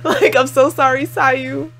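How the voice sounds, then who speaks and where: In an unhurried, high voice with vocal fry, a woman chats her way through an anime reaction video. She's expressive and uses "like" a lot, laughing often and exclaiming at the screen.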